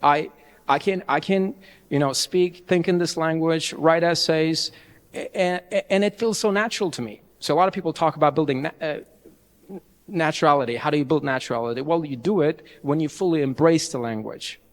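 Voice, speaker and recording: Energetic young trainer in a reverberant hall. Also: male voice, on the high side, a little fast. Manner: energetic, chatty, restarts often. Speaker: IELTS trainer. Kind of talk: live training talk. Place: large event hall.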